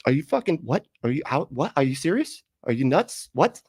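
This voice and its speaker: A man's voice: medium pitch, very animated, a little fast, a little mellow, husky, dry recording, clean studio sound. Profane, exasperated male stream commentator. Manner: profane, exasperated ranting, laughs often. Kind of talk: live-stream reaction commentary.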